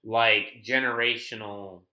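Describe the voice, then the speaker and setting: Laid-back man with a bright voice. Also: lowish voice, steady tone, takes it slowly, highs cut off. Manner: laid-back, echoes and builds on his partner's lines. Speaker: podcast co-host. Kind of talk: casual chat.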